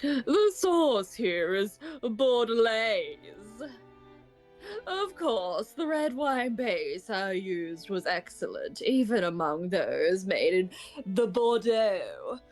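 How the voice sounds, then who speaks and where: A woman voicing a proud male family cook who talks in a slow, formal, stately way. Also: mid-range voice, sing-song, soft background music.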